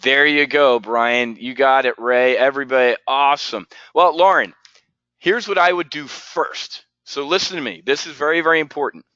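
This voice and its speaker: A man's voice: mid-range voice, normal speed, pushed and bright, dry recording, lo-fi sound. A man teaching options trading on a live webinar, asking rhetorical questions and calling on viewers by name.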